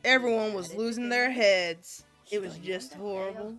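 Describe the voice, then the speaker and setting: A woman's voice: mid-range voice, normal speed, fairly bright tone, faint music behind, lightly acted. A woman voicing a chatty, motherly middle-aged cafeteria woman with a homely, folksy drawl, read from a visual novel.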